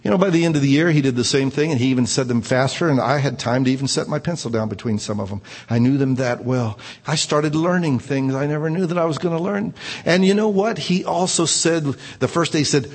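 A man telling a personal story aloud in an earnest way, rising to excited emphasis. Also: on the high side, fairly quick, husky. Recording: reverberant room.

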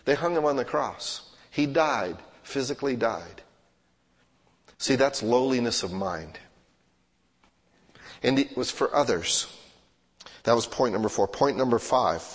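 A male pastor preaching a sermon, swinging from hushed to loud and acting out everyday scenes in quoted voices. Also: medium pitch, animated, a little slow, long pauses, breathy edge. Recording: long hall reverb.

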